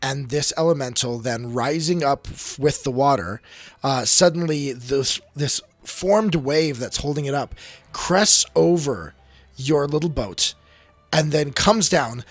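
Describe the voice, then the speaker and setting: A man running a tabletop game as game master, narrating with dramatic pauses. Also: a little high, dry recording.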